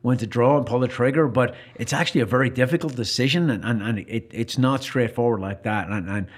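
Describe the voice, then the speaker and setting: A man with a middle-pitched voice explains how a training exercise was planned. He talks in a steady, thoughtful way. It is a relaxed conversation between instructors. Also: fairly quick. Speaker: firearms instructor. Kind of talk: casual chat.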